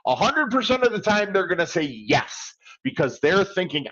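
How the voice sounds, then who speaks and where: Animated male credit coach on a livestream. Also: fairly high pitch, normal speed, dull audio. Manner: animated, acts out phone calls. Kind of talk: live-streamed coaching talk.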